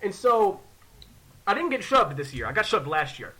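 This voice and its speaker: A man in his twenties, a podcast host, telling a story in casual, profane, animated chat and acting out other people's lines. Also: sits high, moderate pace. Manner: animated, profane, acts out quoted voices.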